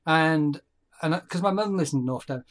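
A man chatting as a podcast guest, halting and repeating words, with a jokey streak. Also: a little high. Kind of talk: casual chat.

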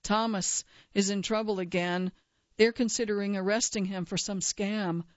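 A woman reading the lines of a gentle, worried female nurse who soothes her patient. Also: medium pitch, steady tone, normal speed, no room sound, highs cut off, natural voice.

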